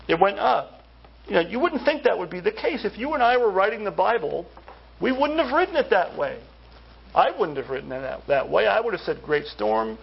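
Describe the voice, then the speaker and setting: Gravelly, husky-voiced man preaching a sermon. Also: sits high, highs cut off. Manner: conversational preaching full of rhetorical questions. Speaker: pastor.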